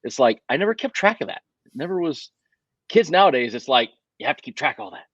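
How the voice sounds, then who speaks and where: Telling stories animatedly in a casual interview, a racing driver keeps restarting and correcting himself. He talks fast at a medium pitch. The sound is lo-fi, with no room sound.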